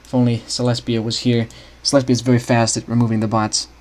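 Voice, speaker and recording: A man's voice: mid-range voice, level tone, fast, darkish tone. Young man, casual stream talk, thinks aloud, keyboard clicks. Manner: thinks aloud, restarts often, chats with viewers. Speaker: streamer building a game map. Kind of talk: casual livestream commentary.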